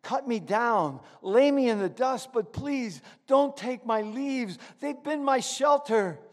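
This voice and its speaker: A man voicing a gentle, modest bamboo plant who pleads with his master in a trembling voice and then gives in softly. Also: very high voice, expressive, slow pace, exaggerated voice. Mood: hushed surrender. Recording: echoey hall.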